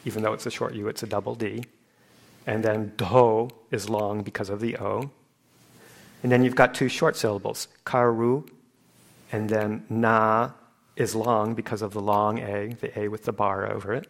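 A man's voice: on the low side, little pitch movement, normal speed, creaky. A man explaining Pali chanting and pronunciation in an informal class, speaking patiently with fillers and light chuckles as he acts out sounds.

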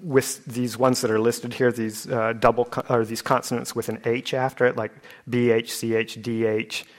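A man's voice: mid-range voice, flat delivery, normal speed. Patient man teaching chant pronunciation. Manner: patient, loose, with fillers and chuckles, demonstrating sounds. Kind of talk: informal class explanation.

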